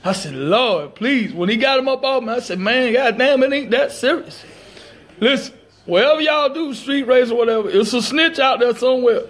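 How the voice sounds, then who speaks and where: A man's voice: extremely high pitch, a little fast, fairly bright tone. A man telling a story to a phone camera, emphatic and profane, laughing often. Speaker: storyteller recounting a police dog bite.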